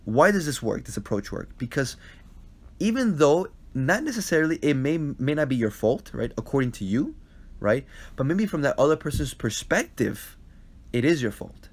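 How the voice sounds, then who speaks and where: A man's voice: medium pitch, big pitch swings, moderate pace. A man hosting a casual live-stream Q&A, earnestly answering viewer questions about life and relationships, often repeating himself and checking in with the listener. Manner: earnest and repetitive, checks in with "right?". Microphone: phone live stream.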